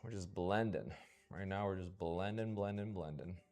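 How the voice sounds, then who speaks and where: Deep-voiced man casually chatting while painting. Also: moderate pace, darkish tone, faint music behind. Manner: laid-back, swears often, chants and whispers to himself while he works. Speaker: painter streaming live. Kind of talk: casual live-stream chat while painting.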